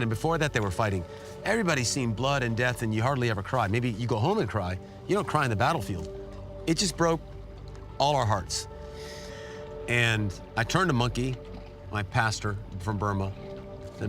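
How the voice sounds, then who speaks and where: An earnest middle-aged man tells a personal story as an interview guest, in a voice of ordinary pitch. His telling is emotional and heartfelt, and his voice leaps high when he is moved. Faint music plays underneath. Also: expressive, fairly quick. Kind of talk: personal testimony.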